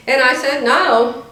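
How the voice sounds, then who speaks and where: Laughing often, an older woman vlogger chats her way through a long story in a casual storytelling style. Her voice is high-pitched and sharp, and the room adds an echoey quality.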